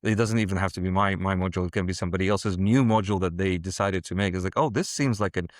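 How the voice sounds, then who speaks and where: Soft-spoken man with a dry sound. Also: sits low, little pitch movement, very fast, no echo. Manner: hesitant, many fillers and restarts. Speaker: guest, game designer and world builder. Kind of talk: casual interview conversation.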